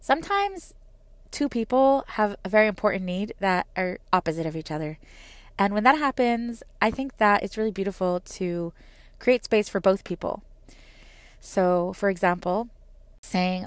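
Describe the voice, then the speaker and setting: A woman's voice: medium pitch, moderate pace, no room sound. A woman in her thirties, a mother, talking earnestly and reflectively, with frequent "like" and restarts. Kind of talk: personal reflective talk.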